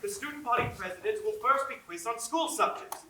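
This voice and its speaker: Actor playing a formal headmaster, very bright tense voice, echoey hall, far mic. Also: medium pitch, animated, brisk, a little hiss or hum. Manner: formal, announcing. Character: fussy male school headmaster. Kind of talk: live stage acting.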